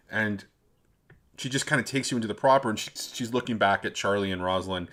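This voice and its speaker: A man running a tabletop role-playing game as game master, narrating in a rambling, halting way. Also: fairly low pitch, a bit bright.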